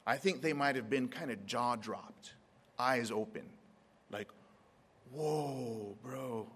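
A man preaching a sermon in a mid-pitched voice. He stretches key words, leaves long pauses, and slips into quoted voices to act out scenes. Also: a bit bright, big-room sound. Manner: dramatic pauses, acts out Bible scenes in quotes.

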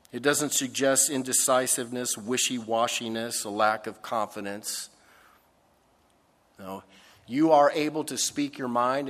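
A man preaching a sermon, slow and emphatic, swinging between loud stressed phrases and soft, low asides. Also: big-room sound. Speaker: pastor.

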